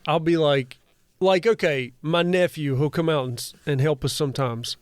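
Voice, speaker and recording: High, smooth-voiced man in casual chat. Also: moderate pace, no echo. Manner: rambling, restarts sentences, swears. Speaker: podcast co-host.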